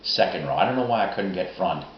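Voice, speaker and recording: A middle-aged man telling rambling, profane, excitable stories in a casual vlog monologue. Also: low voice, fast talker, slight background noise. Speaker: vlogger. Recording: roomy, dull lo-fi recording.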